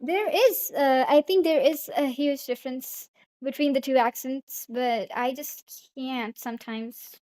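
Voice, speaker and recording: A woman's voice: high voice, measured pace, darkish tone. A young woman from India, streaming and chatting casually, rambling as she answers chat messages aloud.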